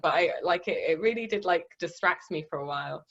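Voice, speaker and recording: A woman's voice: lowish voice, animated, quick pace, few pauses. A woman guest chats casually about a film on a podcast. She talks in a loose, chatty way and leans on "like". Her audio sounds dull and lo-fi. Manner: chatty, says "like" a lot. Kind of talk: casual film review chat.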